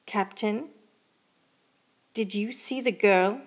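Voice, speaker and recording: A dutiful starship co-pilot with crisp, obedient replies, spoken at a slow pace, as a woman narrator voices the role in a sci-fi audio story. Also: medium pitch.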